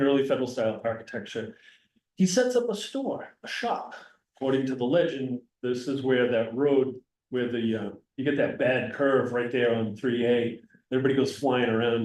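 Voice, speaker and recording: A man's voice: medium pitch, a little mellow. A man giving a casual, digressive history talk to an audience. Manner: conversational, digressive, jokes with the audience. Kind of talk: casual public history lecture. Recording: roomy sound from a distance.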